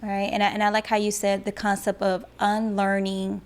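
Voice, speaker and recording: A woman's voice: medium pitch, monotone, fairly quick. A woman hosting a podcast interview, talking through ideas and affirming her guest often. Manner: affirming, frequent "mm-hmm" and "that's good". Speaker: podcast host. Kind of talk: conversational interview.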